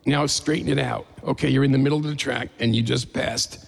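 A man voicing a male co-driver coaching him through a race, gravelly and steady. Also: mid-range voice, fairly quick, big-room sound.

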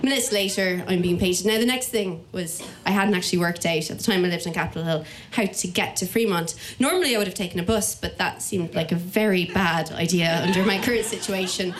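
Speaking briskly with few pauses in a lowish voice, a young woman with an Irish accent shares a comic personal story, mocking herself and imitating the people in it. A crowd can be heard in the background.

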